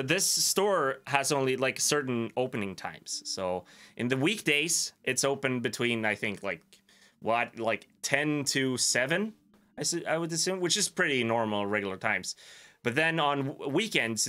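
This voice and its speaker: A young man with a Swedish accent chats loosely on his livestream, drifting between answers and laughing at his own jokes. His voice is bright and forward. Faint music plays underneath. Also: medium pitch. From Sweden. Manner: rambling, self-amused, chuckles at his own jokes. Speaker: livestream host. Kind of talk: casual livestream chat reading viewer comments.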